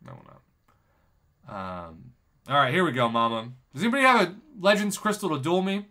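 Speaking at normal speed in a fairly high voice, this man chats casually while streaming a mobile game. He gets excited, laughs a lot, and reads out what viewers type in chat.

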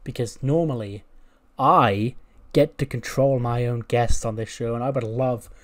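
A man's voice: mid-range voice, measured pace, natural voice. A man voicing a self-assured female wrestler who hosts a talk segment, with showy announcer patter that turns mocking.

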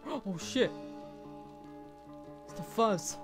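A woman's voice: mid-range voice, sing-song, measured pace, music in the background. A young woman giving casual commentary as she plays a video game, chatty and swearing, laughing at the game. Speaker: gameplay streamer. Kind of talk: casual let's-play commentary.

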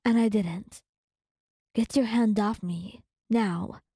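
Whispered role-play of a pushy, possessive ex-boyfriend, put on by a woman, breathy and slow, close and dry with no room sound at all. he sounds curt and dismissive. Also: medium pitch, warm tone, no echo.

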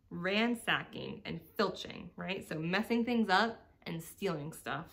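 A woman teacher reading a bedtime story aloud to children, stopping gently to explain words. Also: fairly low pitch, unhurried, gravelly, few pauses.

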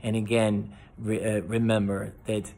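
A man, a pastor, gives a conversational devotional with frequent restarts and a gentle, softening delivery. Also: fairly low pitch, little pitch movement, a little slow, vocal fry. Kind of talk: casual spoken devotional.

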